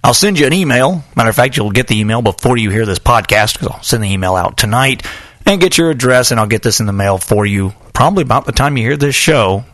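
A man's voice: mid-range voice, expressive, fast, a bit bright, no echo. A man hosting a podcast from a small home studio, chatting in a joking, rambling way. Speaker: podcast host. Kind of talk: casual chat.

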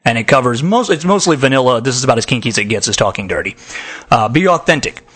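A man's voice: medium pitch, animated, quick pace, fairly bright tone, husky. A man with a trained radio voice hosting a casual, frank advice talk, joking and laughing often. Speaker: podcast host.

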